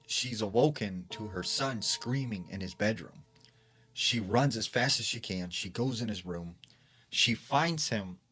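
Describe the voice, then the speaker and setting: A man's voice: lowish voice, a bit bright, breathy edge. A man casually retelling a scary story secondhand, with lots of fillers.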